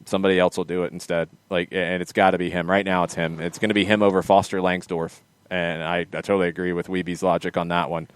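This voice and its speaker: Lively, teasing male podcast host. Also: sits low, clear, resonant tone, dry recording. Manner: quick, lively, teasing co-hosts. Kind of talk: casual sports chat.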